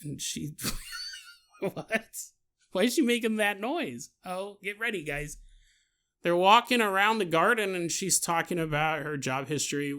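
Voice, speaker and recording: A man's voice: sits high, wildly swooping pitch, measured pace, bright, forceful tone. A man hosting a podcast, telling a story in a comedic, jokey way and laughing at his own asides. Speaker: podcast host.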